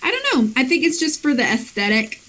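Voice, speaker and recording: A woman's voice: sits high, very animated, a little fast, fairly bright tone, low-quality recording. A woman co-hosting a gaming stream, chatting in a giggly, rambling way and explaining the game. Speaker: co-host guiding the game. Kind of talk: casual gaming chat.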